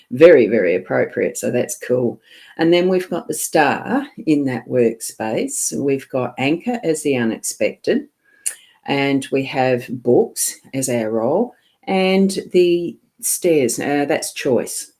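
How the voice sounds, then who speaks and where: A woman's voice: extremely low pitch, warm tone. A middle-aged woman, a psychic medium, chatting through a live card reading and answering viewers, laughing often.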